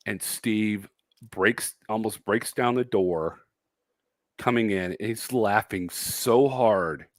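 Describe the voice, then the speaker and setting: A man's voice: on the low side, takes it slowly, dry recording. A man co-hosting a casual livestream chat, telling a rambling story and laughing often. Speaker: co-host.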